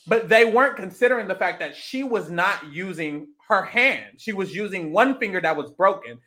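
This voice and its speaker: A podcast co-host recapping a reality show in casual chat, animated and gossipy, swearing freely and acting out quotes. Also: medium pitch, moderate pace.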